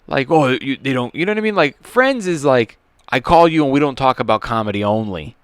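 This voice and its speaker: Smooth-voiced easygoing male podcast host. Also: mid-range voice, lively intonation, no echo, studio quality. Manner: easygoing, agreeable, quick back-channel replies. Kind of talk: casual podcast chat.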